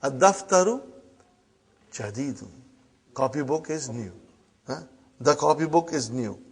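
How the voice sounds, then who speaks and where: A man teaching an online Arabic class, who repeats words slowly and keeps checking in with his students. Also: mid-range voice, animated, husky. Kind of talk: live online class lesson.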